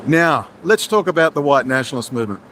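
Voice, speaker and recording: A man's voice: on the high side, expressive, fast talker, fairly bright tone, a little hiss or hum. A man giving a heated, sarcastic livestream monologue while out in a city, jumping from topic to topic. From Australia. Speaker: livestream host. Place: outdoors in a city, walking.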